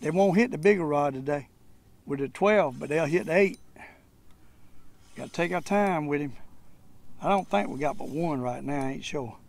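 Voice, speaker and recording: Gravelly older fisherman. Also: on the high side, moderate pace, long pauses. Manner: folksy, excited running commentary. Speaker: fishing channel host. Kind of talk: casual fishing commentary. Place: on a boat on a lake, outdoors.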